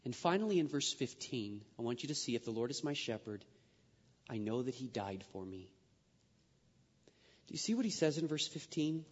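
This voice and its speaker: Emphatic preacher in a reverberant hall. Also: male voice, mid-range voice, lively intonation, normal speed, pauses often, husky. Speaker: pastor. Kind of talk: sermon. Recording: long reverb, dull lo-fi sound.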